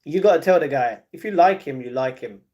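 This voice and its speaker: Heard through lo-fi sound, the man's voice is a little high and mellow, brisk, with lively intonation. As a streamer, he casually works through viewer comments and doles out blunt, repetitive advice.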